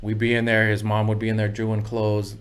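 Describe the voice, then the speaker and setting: A man's voice: lowish voice, completely flat delivery, brisk, slight background noise. Man telling loose, profane stories. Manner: loose, profane, peppered with "you know what I mean". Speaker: music producer guest. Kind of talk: casual storytelling interview.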